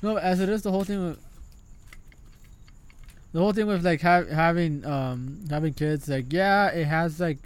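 A man chatting casually as podcast co-host, halting and repeating himself, with some swearing. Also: fairly high pitch, clean tone. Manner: halting, repeats words, profane.

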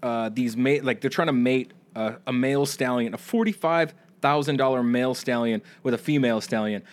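A man's voice: mid-range voice, a little fast. A young man co-hosting a podcast, telling a crude story loosely and saying "dude" a lot. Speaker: podcast co-host. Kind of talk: casual chat.

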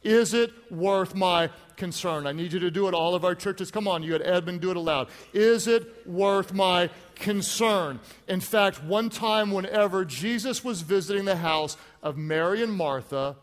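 Animated high-pitched male pastor preaching. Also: normal speed, hardly any pauses. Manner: animated, rises to shouts for emphasis, calls on the congregation. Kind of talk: sermon. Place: large church auditorium. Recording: church hall with long reverb.

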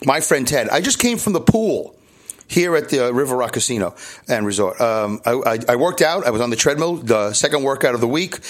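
A man's voice: mid-range voice, very animated, brisk. Chatty Brooklyn man rambling. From New York. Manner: rambling, self-deprecating, chatty with frequent restarts. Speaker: podcast host. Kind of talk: casual solo podcast monologue. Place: hotel room.

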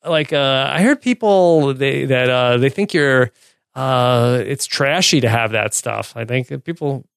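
A man talks through an episode's scenes in a relaxed, conversational way, laughing easily as he goes. His voice sits in a middle register. The recording is dry and close, with no room sound. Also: medium pitch, a little slow, gravelly, clean tone, no echo. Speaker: podcast co-host. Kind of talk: casual episode recap chat.

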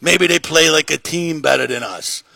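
A man doing a brash, blustery New York sports radio host, laying the accent on thick. The voice is gravelly and a little husky, sitting somewhat high, and it sounds dry and close to the mic. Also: moderate pace, pushed and bright, no room sound, heavily acted. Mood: mocking, blustery.

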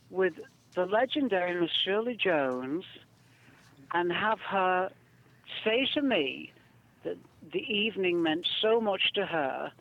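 A man's voice: a little high, a bit bright. Effusive Northern English man, lo-fi sound. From north of England. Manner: effusive and theatrical. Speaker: guest performer. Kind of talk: casual chat. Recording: dull lo-fi recording.

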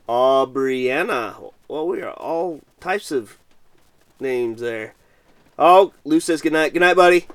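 A man's voice: mid-range voice, dry recording. A middle-aged man from Missouri, hosting a casual late-night livestream and chatting while reading viewer comments aloud. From Missouri, USA. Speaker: podcast host.

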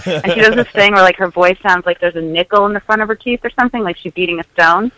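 Bright, sarcastic woman podcast guest. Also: medium pitch, no echo, rough recording. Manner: sarcastic, joking, quick. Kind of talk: casual podcast chat.

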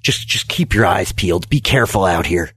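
A man's voice: low voice, lively intonation, brisk, fairly bright tone, husky, no room sound, clean studio sound, exaggerated voice. A man doing Hurley, a panicked castaway. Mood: urgent. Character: frantic young male castaway, easygoing but scared.

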